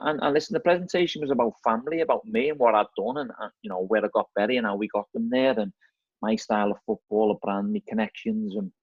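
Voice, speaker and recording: A husky-voiced middle-aged man, on the low side in pitch, guests in a casual chat as a football manager. In his Scouse accent he tells stories chattily, repeating words and often using "mate" and "you know what I mean". The dry, lo-fi audio is slightly dull, with no echo.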